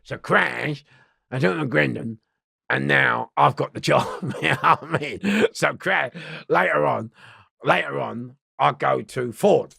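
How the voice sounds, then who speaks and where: Gravelly, husky man. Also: medium pitch, unhurried, sharp tone, no room sound, clean studio sound. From London. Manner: swearing, laughing, keeps restarting his story. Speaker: interview guest. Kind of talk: rambling prison storytelling.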